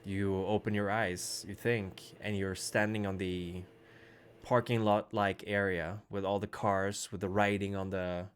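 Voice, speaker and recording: A man's voice: on the low side, little pitch movement, a little slow, clean tone. A man narrating as game master of a tabletop role-playing game, in a thoughtful, hesitant way.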